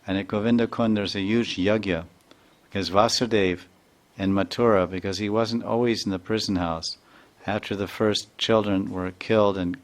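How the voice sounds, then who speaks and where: Brief: a low-pitched male spiritual teacher storytelling in an earnest, repetitive sermon. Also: steady tone, moderate pace.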